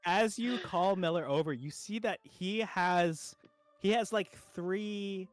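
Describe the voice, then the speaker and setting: A man's voice: high voice, slow pace. A young man running a tabletop game as dungeon master, rambling through his narration with many fillers and restarts.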